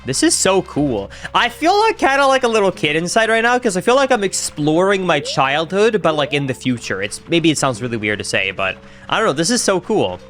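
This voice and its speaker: Young male streamer, lively swooping delivery, slightly higher voice, faint music behind. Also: fairly quick, hardly any pauses. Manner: excitable, chatty, reacts aloud to the game and chat. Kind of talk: live gameplay commentary.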